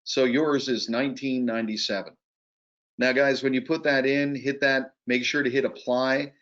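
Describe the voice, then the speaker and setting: A man giving an energetic, urgent sales pitch as a guest presenter on a webinar over a video call. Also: moderate pace. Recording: muffled lo-fi call audio.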